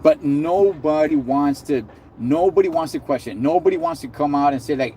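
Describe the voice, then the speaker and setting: A man's voice: a little high, moderate pace, dark tone, slight background noise. A man hosting a live stream, ranting in a heated, sarcastic way with slang and lots of repeated words.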